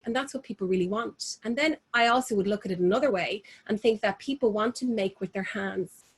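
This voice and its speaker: An Irish woman, a fashion designer, answering interview questions with passion, often laughing and restarting her sentences. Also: medium pitch. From Ireland.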